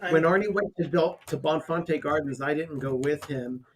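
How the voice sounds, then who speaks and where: Chatty, animated male storyteller. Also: fairly high pitch, moderate pace, noisy background. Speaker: co-host. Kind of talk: casual watch-party commentary.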